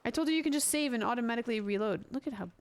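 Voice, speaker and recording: A woman streaming a video game, chatting with viewers and giggling loudly at what happens on screen. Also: fairly high pitch, animated, racing. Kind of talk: live gameplay commentary.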